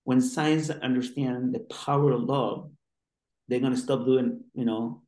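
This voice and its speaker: A man's voice: medium pitch, fairly even intonation, a little slow, darkish tone. A male doctor being interviewed, who talks in an earnest, rambling way with many restarts. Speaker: guest doctor. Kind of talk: interview conversation. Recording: roomy echo.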